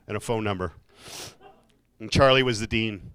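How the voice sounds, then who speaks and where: A man's voice: lowish voice, moderate pace, long pauses, fairly bright tone, smooth. A man giving a casual, jokey motivational talk to students, with self-mocking asides, speaking in a university hall. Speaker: keynote speaker.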